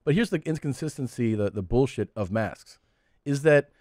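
A man hosting a podcast, telling a story in a relaxed way with fillers. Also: medium pitch, moderate pace, no echo, clean studio sound. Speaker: podcast host. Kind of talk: casual chat.

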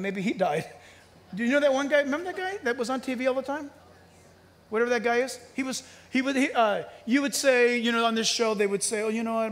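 Male pastor, high voice, emphatic preaching in a reverberant church hall. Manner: animated, emphatic preaching with sudden loud peaks and hushed storytelling. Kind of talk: sermon.

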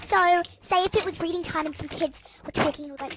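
A woman's voice: extremely high pitch, a little fast, hardly any pauses, heavy background noise. A young woman telling school storytime gripes in a sarcastic, exasperated way, with music playing behind. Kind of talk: storytime narration.

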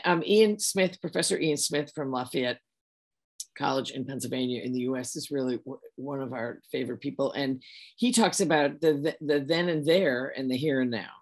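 A woman's voice: extremely low pitch, moderate pace, a little mellow. A middle-aged American woman, a director of education talking as a guest, speaking with enthusiasm and often restarting her phrases. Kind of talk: conversational interview.

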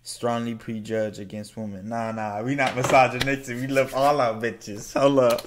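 A man hosting a reaction video, laughing often and repeating the lines he hears back in excitement. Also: mid-range voice, moderate pace, music in the background. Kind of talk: casual reaction commentary.

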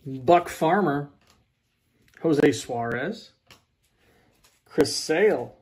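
A husky man sits opening packs of baseball cards and reads the players' names aloud one by one. He talks in a loose, joking way between the names. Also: a little high, lively intonation, extremely slow, darkish tone. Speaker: card breaker. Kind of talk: casual card-opening chat.

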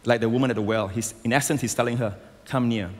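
A man preaching a sermon as a pastor, emphatic and rising to loud exclamations, on a stage microphone in a large church. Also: medium pitch, fairly even intonation, fast talker. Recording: long hall reverb.

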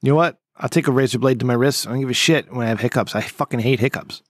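A man trades crude banter on a podcast, rambling and swearing freely. His voice sits at a middle pitch. The sound is dry and close, with no room around it. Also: fast, no room sound. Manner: rambling, profane, breaks into big laughs. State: drinking. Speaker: podcast co-host.

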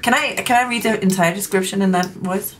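A woman's voice: mid-range voice, a little fast, fairly bright tone, slight background noise. A middle-aged woman, a game developer, chatting playfully and teasing her co-player during a gameplay session. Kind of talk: casual gameplay chat.

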